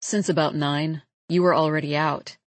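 A laid-back young man, voiced by a woman narrator, speaks low and unhurried in an audiobook. His tone stays easy and a little teasing. The recording is close and dry. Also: fairly even intonation, dry recording, natural voice. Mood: easygoing teasing. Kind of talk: audiobook character voice.

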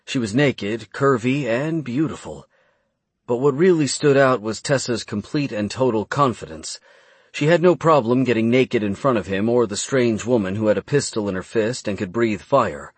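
A man narrating an audiobook in an even, steady reading. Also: medium pitch, moderate pace, husky, dry recording.

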